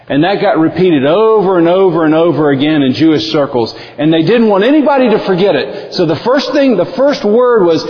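A male pastor preaching a sermon in an emphatic, animated way. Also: high-pitched, brisk, few pauses. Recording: dull lo-fi audio with long hall reverb.

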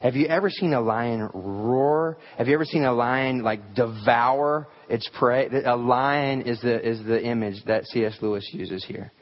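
A man's voice: mid-range voice, unhurried, hardly any pauses, lo-fi sound. A man preaching a sermon, telling folksy stories with humor and lots of fillers. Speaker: pastor.

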